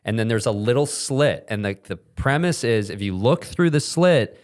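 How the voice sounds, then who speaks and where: A young man co-hosting a comedy podcast, retelling things in halting, animated, profane banter. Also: medium pitch. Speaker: podcast co-host. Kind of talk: casual comedic chat.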